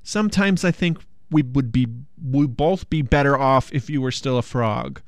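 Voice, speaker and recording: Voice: mid-range voice, very animated, normal speed, fairly bright tone, no echo, clean studio sound. A storyteller voicing a fed-up young princess who nags and complains. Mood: nagging. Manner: nagging, exasperated.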